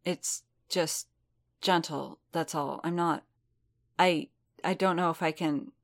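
A woman's voice: sits low, steady tone, gravelly, heavily acted. A woman reading the lines of a breathless, hesitant adult male warrior who stammers. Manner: halting, stammering.

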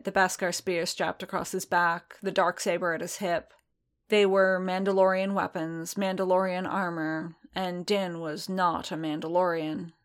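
A woman reads a piece of fiction aloud in a calm, measured way. Her voice sits a little low, and she takes her time over each sentence. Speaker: reader.

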